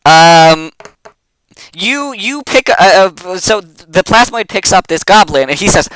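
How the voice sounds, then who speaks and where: Chatty game master with a bright voice. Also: medium pitch, lively intonation, measured pace, no room sound, rough recording. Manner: hesitant, many fillers and restarts, casual swearing. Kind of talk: narrating a tabletop game.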